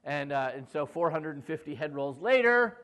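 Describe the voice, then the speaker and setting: A man's voice: on the high side, expressive, moderate pace, a bit bright. A male pastor retelling a scripture story in a casual, joking way, acting out the quoted lines and speaking to the congregation between them. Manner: jokey, acts out quoted voices with asides to the congregation.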